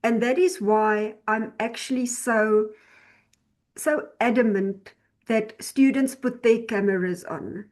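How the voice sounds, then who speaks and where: Slow-talking woman teaching an online class. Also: a little high, darkish tone. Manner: slow, explanatory, repeats and restarts phrases.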